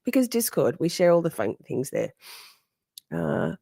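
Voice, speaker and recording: A woman's voice: sits low, sing-song, measured pace, vocal fry, mellow, husky, no room sound, clean studio sound. A woman hosting a casual livestream, chatty and sassy, reading out viewer comments, answering them, laughing often and swearing freely. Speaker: livestream host.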